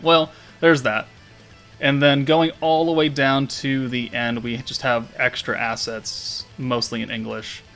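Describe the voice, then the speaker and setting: Gravelly man rambling over game footage. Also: mid-range voice, a bit bright. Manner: thinking aloud, loose and rambling with fillers. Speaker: gaming channel host. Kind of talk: casual game commentary.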